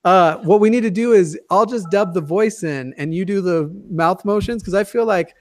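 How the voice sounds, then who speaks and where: A man's voice: high voice, moderate pace, no room sound, clean studio sound. Joking, foul-mouthed man in his twenties. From Denver area, USA. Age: 20s. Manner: profane, joking, rambling. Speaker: guest YouTuber. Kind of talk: casual chat.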